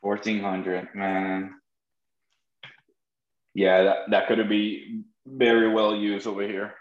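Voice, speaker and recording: Podcast host, Spanish-accented man, low voice, jokey storyteller, muffled echoey mic. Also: little pitch movement, slow pace. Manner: joking, storytelling, laughs often. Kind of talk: casual chat. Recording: dull lo-fi roomy sound.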